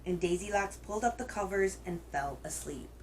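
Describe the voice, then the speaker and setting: A woman hosting a children's reading show, telling a picture book aloud in a gentle, expressive way. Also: lowish voice, moderate pace, slight background noise, rough recording. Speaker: children's story reader, host.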